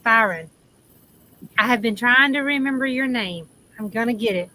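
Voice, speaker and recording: A Southern woman with a bright, lively tone, chatting casually as a livestream host. She laughs easily and trails off with ums between thoughts. A faint hum of outdoor ambience sits behind her, as she talks in the shade under an awning. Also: fairly high pitch, normal speed, rough recording.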